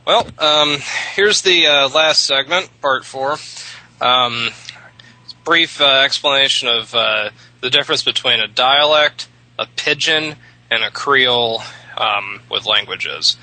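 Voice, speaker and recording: Bright-voiced hesitant male radio host. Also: medium pitch, slow, no room sound, poor audio. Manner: hesitant, many fillers and restarts. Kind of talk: casual explanatory talk.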